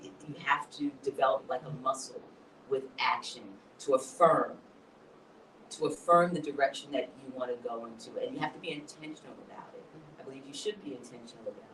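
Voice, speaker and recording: A poet speaking as a guest in a live onstage interview, an animated storyteller who mixes motivational talk with laughter. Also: male voice, mid-range voice, a little fast, roomy sound, recorded from a distance, a little hiss or hum, rough recording. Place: hall at a live event.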